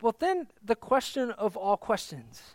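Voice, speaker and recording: A man's voice: sits high, sing-song, measured pace, no room sound. A male pastor preaching an Easter sermon in a loose, conversational way, joking and calling on people by name. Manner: conversational, jokey, calls out congregants by name.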